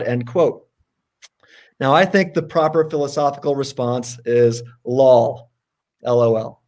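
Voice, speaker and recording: A man co-hosting a casual livestream debate, talking in an animated, sarcastic way. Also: unhurried, pauses often. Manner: animated and sarcastic, jumps in pitch for emphasis. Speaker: co-host.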